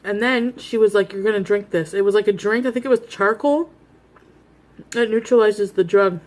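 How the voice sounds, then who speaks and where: Woman vlogger, 30s, casual story time while snacking, blunt and self-mocking, middle pitch. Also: normal speed, darkish tone. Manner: blunt, rambling, laughs at herself; eating while talking.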